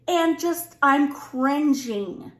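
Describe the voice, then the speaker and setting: A middle-aged woman vlogging from home, telling a story in a lively casual way and acting out the dialogue. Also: sits high, extremely slow. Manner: animated, acts out both sides of the story. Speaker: lifestyle vlogger. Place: home room. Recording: echoey room.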